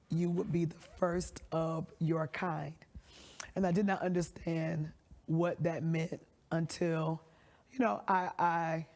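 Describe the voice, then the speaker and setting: Flat-toned woman pastor. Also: deep voice. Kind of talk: interview answers.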